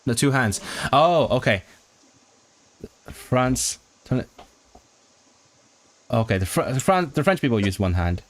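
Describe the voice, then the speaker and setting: A language-learning streamer with a mid-range voice and big pitch swings streams a study session, thinking aloud as he works out what is being signed. He halts, restarts words often, and asks himself puzzled questions.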